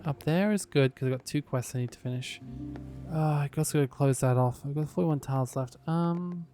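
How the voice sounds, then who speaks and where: A man giving relaxed gameplay commentary, muttering to himself with dry, sarcastic asides. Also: fairly high pitch, a little fast, soft background music. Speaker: gaming YouTuber.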